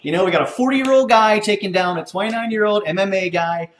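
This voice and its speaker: Upbeat high-voiced man in an echoey room. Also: quick pace. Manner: upbeat, joking, mock anchor voice. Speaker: host. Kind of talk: casual chat. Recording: echoey room with faint noise.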